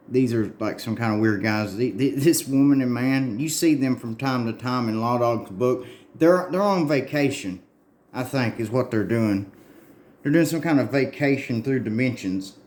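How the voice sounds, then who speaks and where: A man's voice: medium pitch, normal speed, a little mellow. A man casually reading a comic book aloud, commenting in an offhand, rambling way. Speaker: comic reader.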